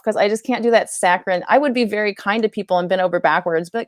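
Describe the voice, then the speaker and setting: A young woman comedian chatting casually, telling stories and acting out quoted voices in a high chirpy tone, laughing often. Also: fast talker, few pauses, dry recording, clean studio sound. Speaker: comedian guest. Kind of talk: casual podcast chat with storytelling.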